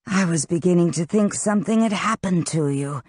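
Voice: mid-range voice, moderate pace, darkish tone, husky, no echo, clean studio sound, pitched above the performer's own voice, natural voice. A reader voicing a teasing young wizard. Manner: teasing and showy. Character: smooth, playful young male wizard. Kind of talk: audiobook character reading.

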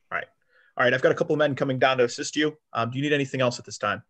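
A man playing a ship captain in a tabletop game, calm and commanding with some fillers. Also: medium pitch, racing, muffled recording. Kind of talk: tabletop role-play.

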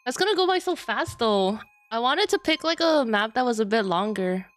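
A young woman streaming live, chatting excitedly and laughing as she plays a kart racing game. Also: fairly high pitch, moderate pace. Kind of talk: live gameplay commentary. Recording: game music loud behind voice.

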